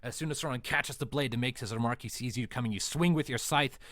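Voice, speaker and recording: A man's voice: mid-range voice, fast, a bit bright, no room sound. Man narrating as game master. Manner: loose, hedging narration full of "sort of" and "like".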